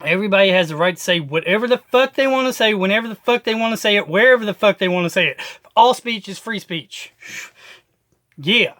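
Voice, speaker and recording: A man's voice: sits high, brisk, bright, forceful tone. A man hosting a video and delivering an emphatic, profane political rant full of repeated slogans. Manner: emphatic, profane, repetitive ranting. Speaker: video host.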